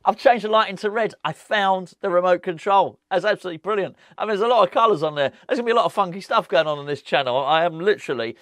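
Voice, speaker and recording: A man's voice: high voice, fast talker, hardly any pauses, fairly bright tone, dry recording. A man chatting casually to camera as a football fan vlogger, rambling and joking as he goes, from a room at home.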